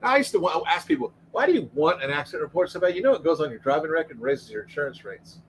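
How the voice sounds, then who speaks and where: A fast-talking man with a fairly high voice co-hosts a casual livestream and tells rambling stories from his police days, tripping over his words as he goes. A faint hum runs under his voice. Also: big pitch swings, low-quality recording. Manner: rambling storytelling with repeated restarts. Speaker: co-host, former police officer.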